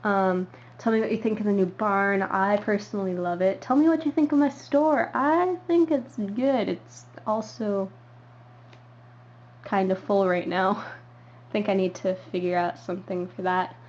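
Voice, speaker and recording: A young woman walks through her hobby setup in a slow, meandering way, filling pauses with ums and uhs. The audio is dull and lo-fi, with a faint hiss behind her voice. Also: medium pitch, fairly even intonation, a little mellow. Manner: rambling with many ums and uhs. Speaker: model horse hobby vlogger. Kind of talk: casual show-and-tell tour.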